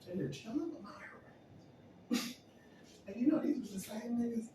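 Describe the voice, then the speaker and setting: Man, lively storyteller who acts out the voices he quotes, heard from a distance in a very echoey room over steady background noise. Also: very high voice, moderate pace. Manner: animated, acts out quotes, laughs often. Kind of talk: casual anecdote storytelling.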